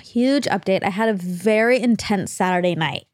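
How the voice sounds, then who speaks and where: A woman's voice: mid-range voice, normal speed, a little mellow, no echo. Woman cohost chatting, laughs a lot, acts out what people said, dry close mic. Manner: chatty storyteller, laughs often, acts out quotes. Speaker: podcast co-host. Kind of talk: casual chat.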